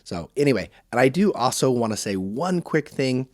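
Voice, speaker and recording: A man's voice: medium pitch, big pitch swings, moderate pace, no room sound, clean studio sound. A man from the United States hosting a podcast in a folksy, chatty, casual monologue. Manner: folksy and chatty, says y'all. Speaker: podcast host.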